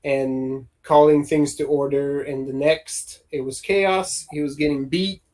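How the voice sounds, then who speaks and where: Game master narrating an rpg session, slow and laid back. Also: medium pitch, steady tone, darkish tone. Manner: unhurried, hesitant narration with laughter.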